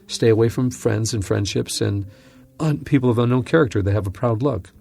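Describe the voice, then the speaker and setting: A man teaching from scripture on a podcast, telling a personal story in an earnest, animated way. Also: medium pitch, a little fast, gravelly. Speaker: Bible teacher and podcast host.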